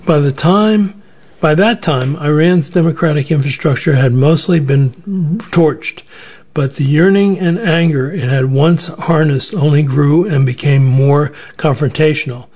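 Measured man reading a personal essay, lo-fi. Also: on the high side, a little mellow, breathy edge. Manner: measured, reflective, with occasional restarts. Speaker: journalist reading his own essay. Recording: slightly dull lo-fi recording.

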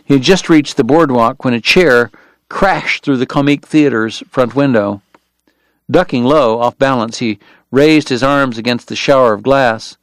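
A male audiobook narrator reads in a steady, measured way. His voice sits in a middle register. It is recorded close and dry, with no room sound. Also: medium pitch, no room sound. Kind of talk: scripted narration.

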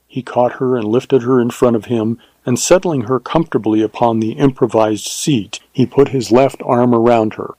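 A man reading a western novel aloud in a calm, even way. His voice is mellow and dark, and the recording is dry and close with no room sound. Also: medium pitch, normal speed, hardly any pauses, no echo. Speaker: audiobook narrator. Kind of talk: scripted narration.

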